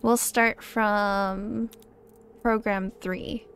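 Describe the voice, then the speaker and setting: A woman's voice: mid-range voice, level tone, very slow, fairly bright tone, a little hiss or hum. A woman streamer chatting casually while playing a co-op horror game, giggling and shrieking with fright. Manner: giggly, shrieks and swears when scared. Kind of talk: casual co-op gaming chat.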